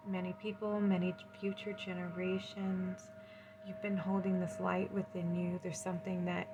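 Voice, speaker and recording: A woman reading tarot cards in a gentle, soothing way, often moved and effusive. Her voice sits fairly low and stays even, with little rise and fall. A steady hiss of background noise runs under her speech. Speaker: tarot reader. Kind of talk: pick-a-card tarot reading.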